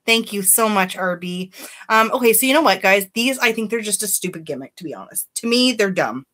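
A woman's voice: medium pitch, expressive, fairly quick, fairly bright tone. A woman chatting casually on a beauty live stream, greeting viewers by name and giving candid opinions.

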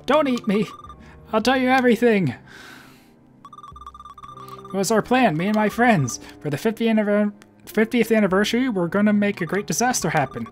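A man reading aloud as a frightened young troublemaker, pleading and nervous. The voice rides a bit higher and louder than his own commentary. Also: expressive, normal speed, long pauses, faint music behind. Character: scared young boy caught plotting mischief.

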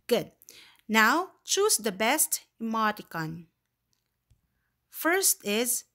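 Filipino lady teacher going slow for little kids, higher voice, repeats stuff and reads examples out big. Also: big pitch swings, pushed and bright. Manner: patient, repeats points, reads examples aloud with emphasis. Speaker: ESL grammar teacher. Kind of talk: slow, deliberate online lesson for young learners.

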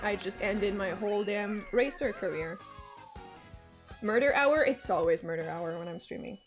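A woman whose first language is French, streaming a game and chatting casually. She jokes, swears freely and breaks into sudden excited outbursts. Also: mid-range voice, normal speed, soft background music. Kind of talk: casual gaming stream chat.

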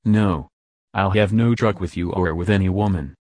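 Narrator reading a grim, suspicious stranger in an audiobook, low voice, dry close sound. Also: male voice, moderate pace, darkish tone, no echo, lightly acted. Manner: grim, fierce. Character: fierce, suspicious mysterious man, grim-tempered.

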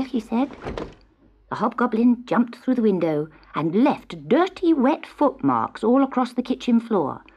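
A woman narrating a children's storybook in an expressive, lively way, recorded on old cassette tape. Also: medium pitch, normal speed, breathy edge, dull audio. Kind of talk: storybook reading.

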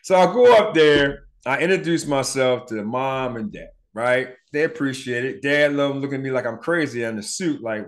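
A middle-aged man, telling a personal story on his podcast in a casual, profane, animated way, acting out the people he quotes. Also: mid-range voice, brisk, few pauses. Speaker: podcast host.

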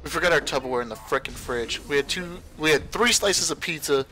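A young man talks through a game on his stream in a relaxed, joking way. His voice sits a little high for a man. He laughs easily and swears freely. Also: fairly quick. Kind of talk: casual gaming chat.

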